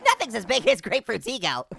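A man voicing a wisecracking male cartoon orange who plays a game, cracking puns and giggling nonstop in a squeaky, high voice. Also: creaky, bright, forceful tone, slight background noise, heavily acted. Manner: nonstop puns and cackling laughter. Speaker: gaming host. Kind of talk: gaming commentary.

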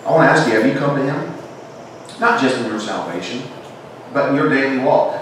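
A Southern American man delivers a church sermon, building to emphatic, raised declarations before dropping to soft, hushed lines. He is heard from a distance in a very echoey sanctuary with a faint hum of room noise. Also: mid-range voice, animated, brisk. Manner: rises to emphatic preaching then drops to hushed tones. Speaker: preacher.

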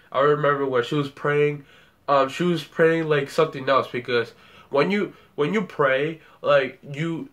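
A man's voice: mid-range voice, a bit bright. A young man telling a story about a dream in a rambling way, repeating words and acting out the scenes. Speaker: vlogger.

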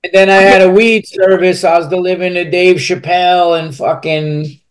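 A man's voice: high-pitched, little pitch movement, normal speed. Blunt, swearing man telling his story. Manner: blunt, profane, rambling with restarts. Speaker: podcast guest. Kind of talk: candid personal storytelling.

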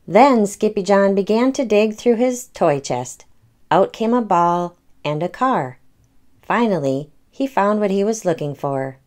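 A woman in her thirties reading a children's picture book aloud, gently explaining words for young listeners. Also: mid-range voice, expressive, a little slow. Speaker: storytime reader and parent.

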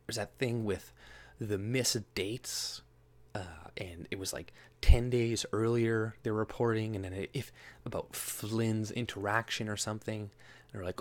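Man, somewhat low voice, rambling casual commentary, frequent laughs, mocking impressions. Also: steady tone, unhurried. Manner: rambling, mocking, laughs often, mimics opponents in higher voice. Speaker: political commentary vlogger.

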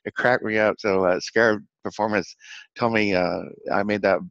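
Excitable, rambling man with a low voice. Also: moderate pace, no room sound. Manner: rambling, excitable, laughs often, repeats words. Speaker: channel host. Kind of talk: casual vlog recap. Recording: dull lo-fi dry recording.

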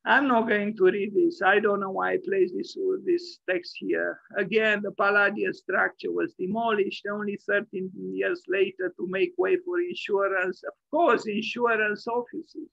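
A man's voice: sits high, measured pace, vocal fry, few pauses, fairly bright tone, no room sound, dull audio. A man giving an online architecture lecture as host, rambling and opinionated, with many fillers and restarts.

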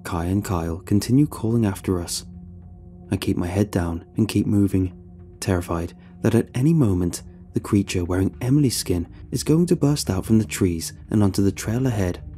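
A man narrating a scripted horror story in a slow, measured way. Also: fairly low pitch, mellow, faint music behind.

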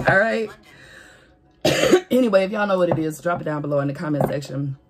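A woman giving a casual spiritual reading to camera, animated and preachy, talking straight to her viewers with swearing and laughs. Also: on the low side, a little fast. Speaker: tarot reader.

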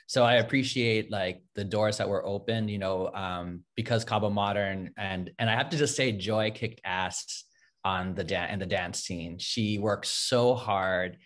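A man's voice: fairly low pitch, measured pace, a bit bright. A man from California who danced in the film, speaking earnestly and reflectively on a video call. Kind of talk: casual panel talk.

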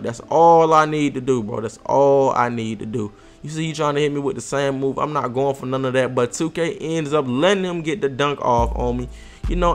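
A young man giving a slangy, excitable gameplay commentary voice-over, trash-talking his opponent. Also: on the high side, clear, resonant tone. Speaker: gaming video creator.

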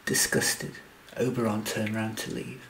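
A man reading a story aloud in steady scripted narration. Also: on the low side, a little slow, creaky, slight background noise, low-quality recording. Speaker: audiobook narrator.

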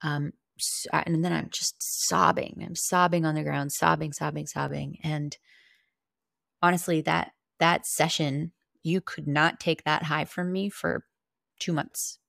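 A woman's voice: deep voice, fairly even intonation, a little slow, creaky, fairly bright tone, no room sound, clean studio sound. A woman guest on a podcast, earnestly and candidly telling a personal story, with casual swearing.

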